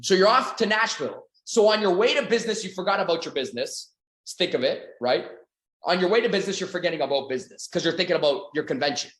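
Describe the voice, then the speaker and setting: A man giving an energetic motivational sales training talk as a coach, acting out little scenes. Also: high-pitched, fast. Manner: energetic, acts out little scenes with quoted voices.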